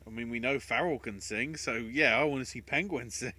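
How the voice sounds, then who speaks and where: A man co-hosting a casual online chat, tossing in animated asides. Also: medium pitch. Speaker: podcast co-host.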